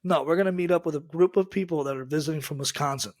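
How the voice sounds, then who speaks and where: A man with a somewhat high voice hosts a podcast and spins teasing stories about his guests. The recording is dry and close to the mic. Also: fast, no room sound. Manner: teasing storyteller. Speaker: podcast host. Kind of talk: casual chat.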